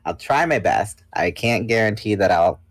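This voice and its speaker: A man's voice: fairly low pitch, expressive, normal speed, poor audio. A man in his twenties, chatting casually and bluntly as a guest on a livestream. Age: 20s. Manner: blunt, self-assured talker. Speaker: podcast guest.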